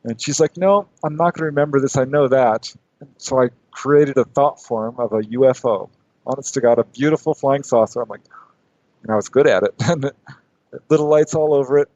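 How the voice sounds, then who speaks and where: A man's voice: mid-range voice, moderate pace, warm tone, no room sound. Radio guest man with a muffled line. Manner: laughs often, acts out his own quotes. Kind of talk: casual radio interview.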